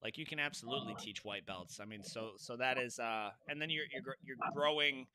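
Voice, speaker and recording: A man's voice: medium pitch, a little fast, background noise. A man hosting a podcast, talking casually and emphatically, joking with his guest and using many fillers. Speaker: podcast host.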